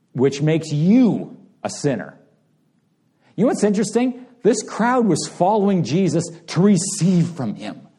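A man delivers a sermon in a relaxed, conversational way. His voice is mellow and dark. He acts out what the crowd says as he goes and talks straight to people in the pews. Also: mid-range voice. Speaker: pastor.

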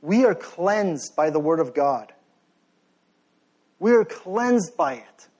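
A young man preaching a sermon with passion, swinging between forceful exhortation and sheepish, joking asides. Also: a little high, expressive, takes it slowly. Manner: passionate, rising to near-shouting then softening to sheepish asides.

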